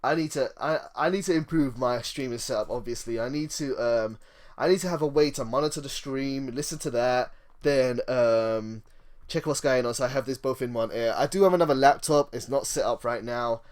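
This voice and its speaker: Excitable man streaming a card game. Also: mid-range voice, moderate pace. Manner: excitable, reads card text aloud. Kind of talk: casual live-stream commentary.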